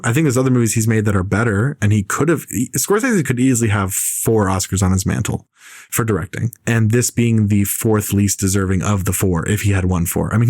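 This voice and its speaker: A man talking in a low voice on a podcast mic, his words tumbling out in a rapid, rambling rant full of "like" and "um." The recording is dry and close, with no room sound. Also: no echo. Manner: rambling, rapid film rant with many fillers. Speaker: podcast co-host. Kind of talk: casual chat.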